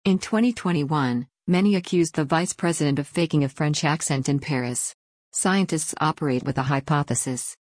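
A woman reading a written news article aloud in an even newsreader delivery, taking the text literally. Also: deep voice, moderate pace, no room sound, clean studio sound. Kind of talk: scripted news read-out.

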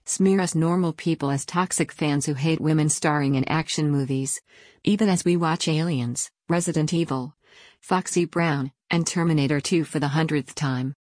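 Low-voiced woman reading a column. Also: steady tone, normal speed, a little mellow, no echo, clean studio sound. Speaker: article reader. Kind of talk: reading an opinion column aloud.

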